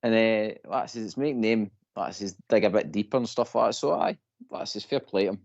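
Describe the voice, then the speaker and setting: A man's voice: fairly low pitch, quick pace, vocal fry, a little mellow, dry recording, lo-fi sound. A Scottish man calling in to a fan radio show, rambling and repeating himself. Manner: repetitive, keeps saying "like I says". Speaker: caller. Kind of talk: phone-in chat.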